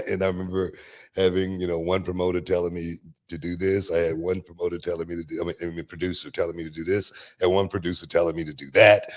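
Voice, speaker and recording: A man hosting a podcast, chatting casually, laughing often and repeating words as he tells stories. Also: sits low. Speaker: podcast host. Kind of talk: casual chat.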